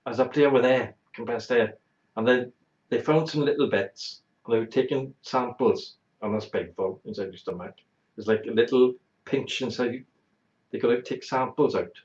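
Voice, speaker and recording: A man spins a blunt, crude comic story with plenty of exaggeration. His voice sits at a middling pitch. The sound is roomy and dull, like a lo-fi stream. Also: a little mellow. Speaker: talk show host. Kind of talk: comic anecdote on a live talk show.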